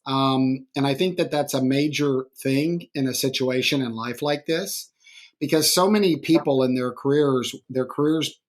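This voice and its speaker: Reflective, rambling man co-host. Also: moderate pace. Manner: reflective, rambling, swings up in pitch. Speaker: podcast co-host. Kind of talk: casual interview talk.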